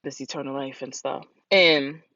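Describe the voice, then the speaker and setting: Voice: medium pitch, steady tone, moderate pace, vocal fry, pushed and bright, dry recording. Rambling, candid podcast host, dull dry sound. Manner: rambling and candid, filled with "like" and "you know". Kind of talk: casual solo podcast monologue.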